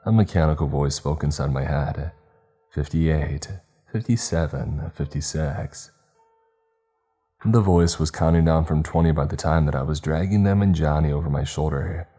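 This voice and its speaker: Very deep-voiced male horror narrator. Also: warm tone.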